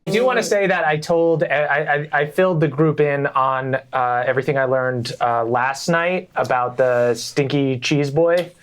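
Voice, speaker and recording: A man's voice: a little high, normal speed, few pauses, slight background noise. A man speaking as a player in a tabletop game, hesitant and stammering. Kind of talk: casual tabletop play.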